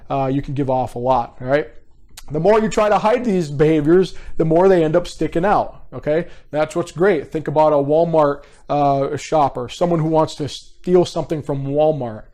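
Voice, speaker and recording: A man's voice: a little high, a little mellow. Casual, direct man teaching a live online class. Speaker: behavior profiling instructor.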